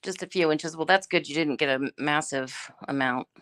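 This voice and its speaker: A woman's voice: low voice, fairly quick, a bit bright. A middle-aged woman hosting a casual live chat, greeting viewers by name and chatting in a laid-back way. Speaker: livestream host.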